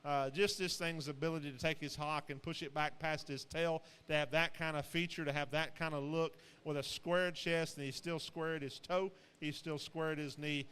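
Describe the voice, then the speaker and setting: Man, sale-barn commentator, higher voice, rambling folksy delivery, long hall echo. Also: steady tone, moderate pace, few pauses, a bit bright, smooth. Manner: rambling, folksy, frequent fillers and restarts. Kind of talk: live auction commentary on show pigs.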